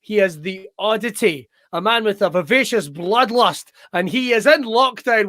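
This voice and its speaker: A man hosts a wrestling chat show in a high-pitched voice, excitable and quick to swear. His jokes tumble out on a dry, close recording with no room around him. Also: dry recording. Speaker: show host.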